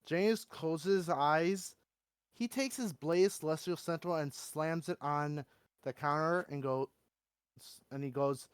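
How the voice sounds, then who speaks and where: A man's voice: fairly high pitch, measured pace, clear, resonant tone, no room sound, clean studio sound. A man joining a tabletop role-play game as a player, talking animatedly about his character.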